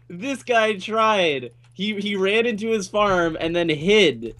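A young man co-hosting a gaming channel, giving excitable, casual commentary on his game with quick bursts of cheering. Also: high-pitched.

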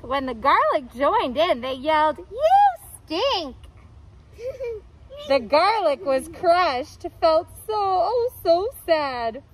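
A woman teacher reading a picture book aloud to young children, expressive and playful, putting on voices for the characters. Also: high voice, low-quality recording. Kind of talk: read-aloud storytime for children.

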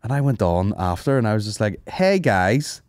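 A man's voice: lowish voice, quick pace, a little mellow, dry recording, clean studio sound. A man hosting a comedy podcast, telling rambling, sweary stories, laughing and mimicking people. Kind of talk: casual storytelling chat.

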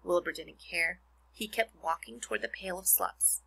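A woman's voice: fairly low pitch, normal speed, vocal fry, sharp tone, slightly rough, poor audio. A woman teacher reading a children's book aloud, stopping now and then to explain words to her young listeners. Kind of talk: read-aloud storytime.

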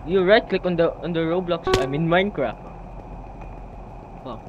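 A young man gaming with friends, excitable and swearing often, laughing a lot. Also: on the high side, moderate pace, highs cut off, soft background music. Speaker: gamer recording a session with friends. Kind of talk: casual gaming banter. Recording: faint background noise.

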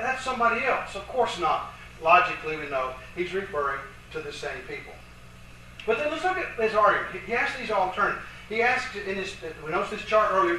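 A high, bright-voiced man lectures on scripture grammar with emphatic stress, drawing out quoted verses slowly. He is picked up from a distance in a very echoey room, with faint background noise. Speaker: Bible teacher. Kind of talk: lecture with charts.

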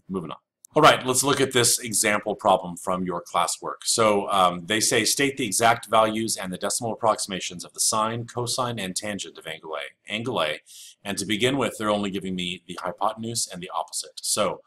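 A man's voice: fairly low pitch, bright, forceful tone. A man teaching a recorded geometry lesson, explaining step by step and repeating the key rules with casual fillers. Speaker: math teacher. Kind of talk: recorded flipped-classroom lecture.

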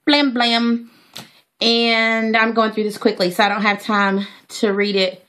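An excitable woman with a voice set a little higher than most runs a casual unboxing vlog. She chats straight to her viewers in a friendly, gushing way as she goes through hair products. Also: a little slow, slight background noise. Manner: excitable, chatty, talks to viewers directly. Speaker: natural hair vlogger.

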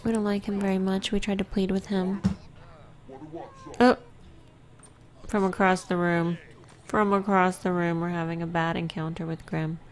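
A woman casually commenting on her own gameplay, often dropping to a soft whisper. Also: fairly low pitch, level tone, moderate pace, pauses often. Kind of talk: casual let's-play commentary.

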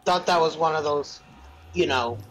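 A man's voice: a little high, moderate pace, a bit bright, a little hiss or hum, rough recording. A man hosting a game video, chatting and teasing his co-player casually. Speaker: let's play host. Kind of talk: casual gaming chat.

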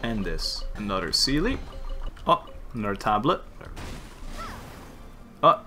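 A man's voice: on the low side, sing-song, slow pace, bright, forceful tone, faint music behind. A man giving casual gameplay commentary, chatty, laughing often and talking to the game. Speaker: gaming streamer.

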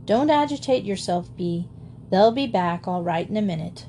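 A woman doing a jovial country gentleman. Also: medium pitch, lively intonation, moderate pace, a little hiss or hum, close to an everyday voice. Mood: reassuring. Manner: reassuring, jovial. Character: hearty, amused country gentleman father.

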